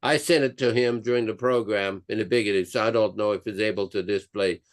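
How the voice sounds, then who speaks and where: A man's voice: lowish voice, brisk. Older man telling a devotional story. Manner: plain storytelling, simple emphatic statements. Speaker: guest speaker. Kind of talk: devotional class talk.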